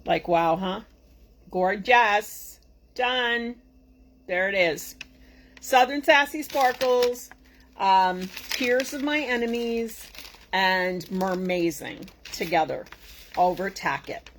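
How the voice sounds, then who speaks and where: A woman's voice: medium pitch, slow. Bubbly woman w a boston accent chatting thru a craft demo, medium voice, bit of background hiss. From Boston area. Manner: chatty, bubbly, rambling asides to viewers. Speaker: craft tutorial host. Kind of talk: casual live craft tutorial.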